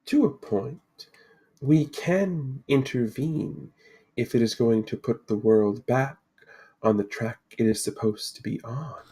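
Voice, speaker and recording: A man voicing a calm, cryptic ancient female spirit who watches over fate, speaking slowly and solemnly. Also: medium pitch, slightly rough. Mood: serene. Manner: slow, measured, solemn pronouncements.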